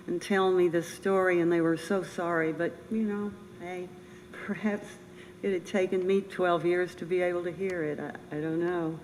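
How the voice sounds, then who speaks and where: An older woman giving a personal memorial speech as a bereaved military mother, earnest, halting and emotional. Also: fairly low pitch, darkish tone. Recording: reverberant room with faint noise.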